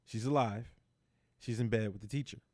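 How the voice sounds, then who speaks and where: A man co-hosting a podcast, excitedly retelling a TV episode in casual chat, acting out the characters and swearing freely. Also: on the low side, moderate pace. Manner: animated storyteller acting out characters, heavy swearing. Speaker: podcast co-host.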